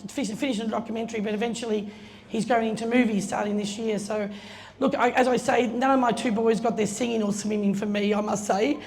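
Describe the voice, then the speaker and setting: Brisk, chatty woman in her middle years telling anecdotes aloud, recorded in a reverberant hall. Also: fairly high pitch, fairly even intonation, darkish tone. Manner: chatty, laughing, acts out quoted voices. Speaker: guest speaker telling a story at an opening. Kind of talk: casual anecdotal speech. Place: event space. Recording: long reverb, faint room noise.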